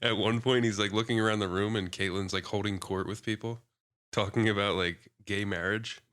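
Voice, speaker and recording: A laid-back man co-hosting a podcast, speaking in a low, deep voice. He keeps his replies short and loose in casual banter. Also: steady tone, fairly quick, fairly bright tone. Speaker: podcast co-host. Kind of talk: casual chat.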